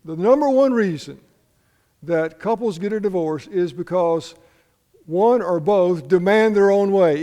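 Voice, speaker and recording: A man's voice: high-pitched, measured pace, mellow, in a large hall. A man preaching a sermon as pastor, telling folksy stories and asking the congregation questions. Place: church sanctuary.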